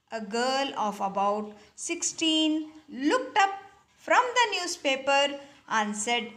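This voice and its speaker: Indian teacher saying "okay, children". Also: female voice, a little high, a bit bright. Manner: keeps checking in with "okay, children". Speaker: English teacher. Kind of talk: reading and explaining a school lesson.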